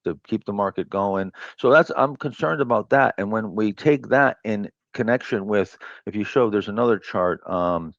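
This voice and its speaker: A man being interviewed as a trader, thinking aloud in a measured way with fillers and restarts. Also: fairly low pitch, dry recording. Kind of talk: reflective interview talk. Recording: dull lo-fi clip played back.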